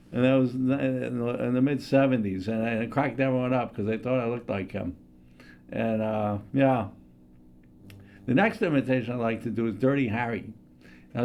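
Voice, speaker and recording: A man's voice: medium pitch, a little mellow, a little hiss or hum. A man in his sixties hosting a show in a studio, chatty and self-deprecating as he introduces a comedy routine. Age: 60s. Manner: chatty, self-deprecating, hesitant with many fillers. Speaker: host. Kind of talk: stand-up impressions routine.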